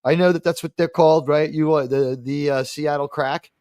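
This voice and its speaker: A man's voice: a little high, steady tone, moderate pace, darkish tone, no echo. A man hosting a casual streamed panel talk show, rambling and joking with frequent laughs. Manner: rambling, jokey, laughs often.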